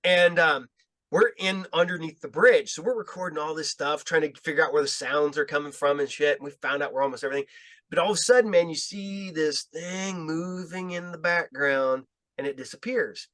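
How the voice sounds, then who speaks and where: Guy telling stories, swears a lot, laughs, kinda high voice, dry close mic. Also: fairly quick, no echo. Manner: profane, laughing, animated when retelling. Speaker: guest filmmaker. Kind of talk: casual storytelling chat.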